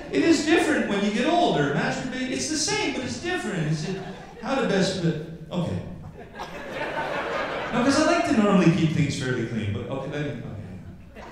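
High, lively man in an echoey theater. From Canada. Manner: animated, jumping into voices and outbursts. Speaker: stand-up comedian. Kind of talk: stand-up comedy set. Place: theater stage before a live audience. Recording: roomy, distant theater sound with audible noise. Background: audience laughter.

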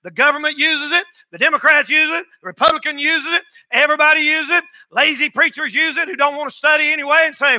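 High, bright-voiced shouting preacher. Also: male voice, steady tone, fast talker, few pauses, no echo. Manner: folksy, emphatic, often shouting. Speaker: pastor. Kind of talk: sermon. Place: church.

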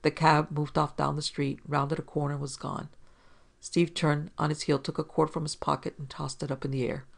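Gravelly-voiced man narrating a detective story. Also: on the high side, little pitch movement, moderate pace.

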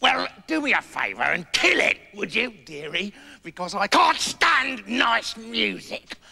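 Man playing a gloating old witch, English accent, shrill and gravelly, nasty and cackling, storybook reading. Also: sing-song, a little slow, bright, forceful tone, heavily acted. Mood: sneering. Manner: shrieking, gloating and insulting. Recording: roomy reverb, faint music.

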